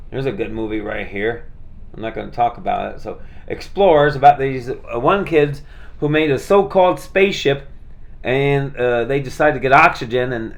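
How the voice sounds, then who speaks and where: Showing off his movie collection, a male vlogger chats in a loose, laid-back ramble full of fillers like "uh," stumbles, and restarts. His voice is ordinary middle pitch, gravelly, and easygoing throughout.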